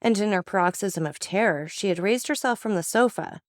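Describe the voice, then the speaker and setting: A woman narrating a classic novel in a measured, dramatic audiobook reading. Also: mid-range voice, lively intonation, dry recording, studio quality.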